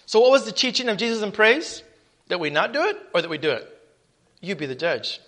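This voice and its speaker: A high-pitched man delivers a sermon with emphatic force. He reads scripture loudly and then drops low to put questions to the congregation. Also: very animated, a little fast. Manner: emphatic preaching, rising loud on scripture, dropping low on asides. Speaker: preacher.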